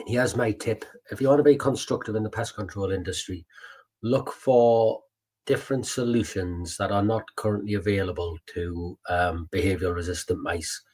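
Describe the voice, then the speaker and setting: Chatty man, low voice. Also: steady tone, moderate pace, darkish tone. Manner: chatty, swears, tells stories with many fillers. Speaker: podcast co-host. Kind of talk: casual chat.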